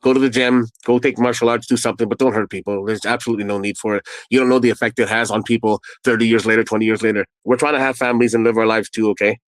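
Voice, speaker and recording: A man's voice: on the low side, steady tone, racing, hardly any pauses, no echo, poor audio. A man, a guest telling a personal story in a candid, rambling way full of asides. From Canada. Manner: conversational and rambling, with asides and restarts.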